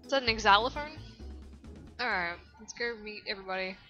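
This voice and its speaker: A woman's voice: medium pitch, a little fast, bright, forceful tone, lo-fi sound. A woman giving casual, profane let's-play commentary as she plays. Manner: profane, chatty, rambling. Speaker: gaming video host. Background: game music.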